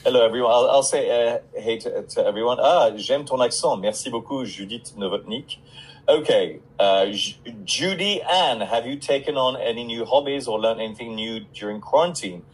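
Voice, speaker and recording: A man's voice: medium pitch, normal speed, slightly rough, poor audio. A middle-aged man on a casual live stream, reading out fan questions and answering them in a chatty way with many fillers.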